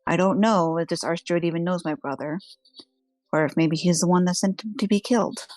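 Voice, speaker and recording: A woman's voice: lowish voice, fairly quick, a little mellow, dry recording, soft background music, close to an everyday voice. Woman playing Jezebel, wary fond warrior. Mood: guarded. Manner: calls others "dear", teasing and fond. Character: self-assured woman warrior, wary but affectionate.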